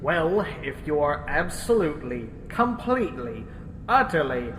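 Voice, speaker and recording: A man's voice: on the high side, sing-song, measured pace, fairly bright tone, a little hiss or hum. A man playing a sarcastic, theatrical male sorcerer, son of an emperor, in a comedy animation. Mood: sneering. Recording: roomy with long reverb.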